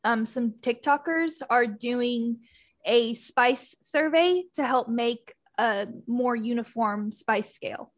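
A woman's voice: a little high, slow. A woman co-hosting a casual book podcast, opinionated and laughing often. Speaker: podcast co-host.

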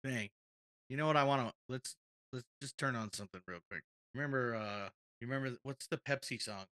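A man co-hosting a casual video reaction chat, joking and excitable, saying "dude" often. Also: medium pitch, a little fast. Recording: music playing behind.

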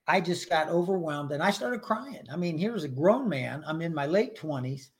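A man's voice: a little high, lively intonation, moderate pace. An older man sharing his personal faith story in a podcast interview, earnest and emotional, acting out his prayers.

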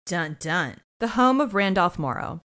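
A woman co-hosting a podcast, recapping an episode in a casual, animated way. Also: fairly low pitch, measured pace. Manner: animated storytelling with quoted voices. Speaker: podcast co-host.

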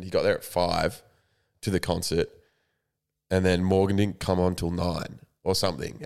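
A man's voice: sits low, gravelly, darkish tone, smooth. A young man co-hosting a comedy podcast, chatting casually, swearing often and laughing a lot. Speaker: podcast co-host. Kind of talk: casual chat.

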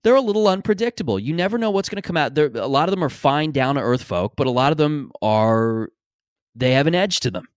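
A man's voice: a little high, animated, brisk, dry recording, clean studio sound. A man hosting a podcast in a casual, rambling, opinionated monologue, swearing freely. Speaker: podcast host.

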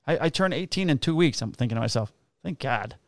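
A man's voice: mid-range voice, expressive, fast, no echo. A man, a police officer casually telling profane stories and acting out the dialogue. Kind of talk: casual storytelling chat.

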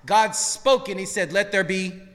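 A male pastor preaching a sermon, swinging between hushed lines and shouted peaks. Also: high-pitched, measured pace, big-room sound. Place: church sanctuary.

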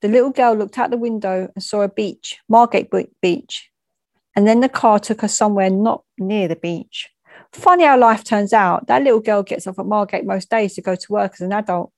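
A woman's voice: medium pitch, moderate pace, darkish tone, no room sound. A woman telling a first-hand story in a frank, plain way, with conversational asides and small stumbles.

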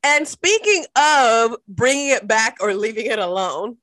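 Upbeat woman co-host, slightly higher voice, dry close sound. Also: expressive, unhurried, a bit bright, no room sound. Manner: upbeat, reads news items conversationally. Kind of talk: casual entertainment chat.

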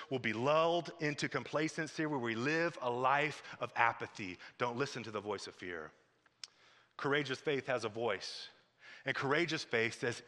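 A man's voice: mid-range voice, pushed and bright. A man preaching a sermon as pastor, emphatic and repetitive, recorded in a church auditorium. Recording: long hall reverb.

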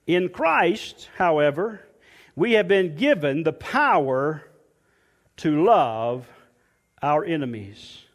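Male pastor, high voice, unhurried sermon delivery, long hall reverb. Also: big pitch swings. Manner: slow, emphatic preaching, dropping soft and low on quoted scripture.

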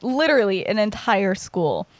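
A woman's voice: mid-range voice, very animated, a crowd in the background. A young woman co-hosting a podcast, recapping a story in casual chat, rambling with lots of "like". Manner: rambling, heavy use of "like", quick giggles. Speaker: podcast co-host.

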